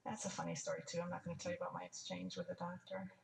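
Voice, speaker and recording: An older woman giving testimony tells a personal story frankly and wryly, pausing to restart and add asides. Her voice is lowish, monotone, creaky, and racing. The recording has an echoey room, a distant mic, and faint ambience with slight background noise.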